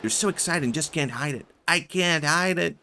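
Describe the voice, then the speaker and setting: A man's voice: fairly high pitch, expressive, fast, fairly bright tone, slight background noise, pitched above the performer's own voice. A Swedish-accented man putting on an overexcited, gushing streamer voice. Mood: hyped. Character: overexcited hyper male streamer, loud and gushing.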